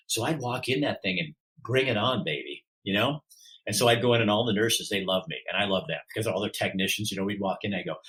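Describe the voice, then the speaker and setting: A middle-aged man, a podcast guest, telling his story in an animated way and acting out the dialogue. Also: fairly low pitch, fast, rough recording. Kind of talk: storytelling in an interview.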